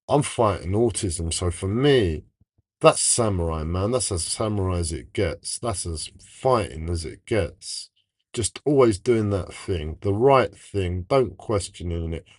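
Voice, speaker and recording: A man's voice: fairly low pitch, darkish tone, no echo. A man telling a personal story in a rambling, emotional way, often stopping and restarting himself. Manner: emotional, rambling, self-interrupting. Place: home, livestream.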